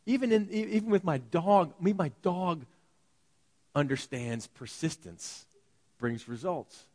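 A man preaching a sermon to his congregation, telling stories in an animated way and acting out the voices of the people in them. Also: fairly high pitch, measured pace. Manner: animated storytelling, acts out quoted voices. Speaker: pastor. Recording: long hall reverb.

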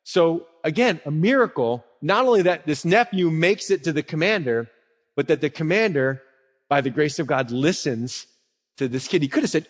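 A man preaching a sermon as a pastor, telling stories in a lively way and acting out the people in them. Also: fairly high pitch, moderate pace. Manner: animated storyteller who acts out quotes. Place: church sanctuary. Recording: long reverb of a church hall.

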